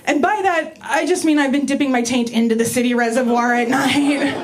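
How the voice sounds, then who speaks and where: High-voiced woman doing stand-up. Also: a little fast. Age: 40s. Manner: chatty, self-mocking, crude. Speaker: stand-up comedian. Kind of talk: stand-up comedy set. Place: live comedy venue with audience. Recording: live room with crowd noise. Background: audience laughter.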